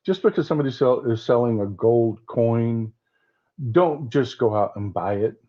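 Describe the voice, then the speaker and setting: A man's voice: medium pitch, lively intonation, moderate pace, highs cut off. A man with a Southern accent hosting a political commentary livestream, talking bluntly and restarting his sentences often. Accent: Southern American. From Southern United States. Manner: blunt, repeats himself with many restarts.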